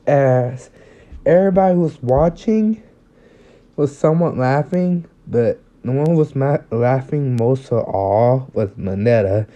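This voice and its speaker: Young male storyteller, casual and rambling; slow, mellow, slightly muffled lo-fi audio. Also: medium pitch. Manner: rambling, full of fillers and restarts, chuckles at his own story. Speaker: fan fiction storyteller.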